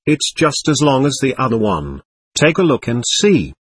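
Soothing motherly rest-home matron, read by a man; husky, with lively pitch. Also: normal speed. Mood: coaxing. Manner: soothing, reassuring. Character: gentle motherly woman, head of a rest home. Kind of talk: read-aloud story.

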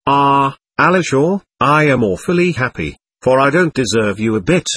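A man reading a storybook, voicing an excitable, teasing young invalid woman with quick, playful talk. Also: medium pitch, breathy edge, no room sound. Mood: earnest.

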